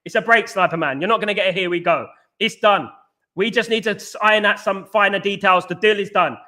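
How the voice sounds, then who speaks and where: A middle-aged Englishman hosts a casual live stream, reading the chat aloud and giving emphatic, repetitive shout-outs. His voice is high-pitched and a little fast.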